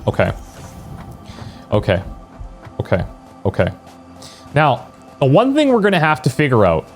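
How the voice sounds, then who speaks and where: A man streaming a video game, chatting casually and thinking aloud as he plans, now and then answering viewers. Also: lowish voice. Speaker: let's play streamer. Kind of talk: casual gameplay commentary.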